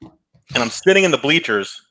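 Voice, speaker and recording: A man co-hosting a casual show, telling a story in a fast, animated way. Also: mid-range voice, poor audio. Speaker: co-host.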